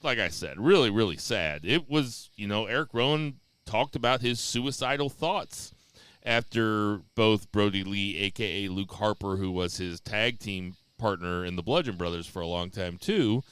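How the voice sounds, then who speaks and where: A man's voice: lowish voice, moderate pace, fairly bright tone, smooth, dry recording. A man co-hosting a casual wrestling podcast, blunt and swearing freely with dry jokes. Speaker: podcast co-host.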